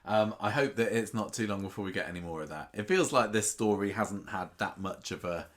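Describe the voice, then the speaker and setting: A man co-hosts a casual chat podcast, thinking aloud with restarts. His voice is fairly low. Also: brisk. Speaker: podcast co-host. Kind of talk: casual chat recapping a soap.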